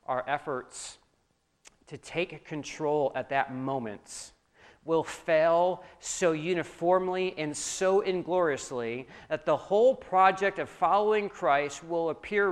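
Animated man preaching a sermon. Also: on the high side. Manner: animated, swings between loud emphasis and quiet asides. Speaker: pastor.

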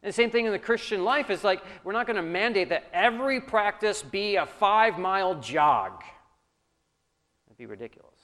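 A man preaching a sermon as a pastor, animated, swinging between loud emphasis and quiet asides. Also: sits high, moderate pace.

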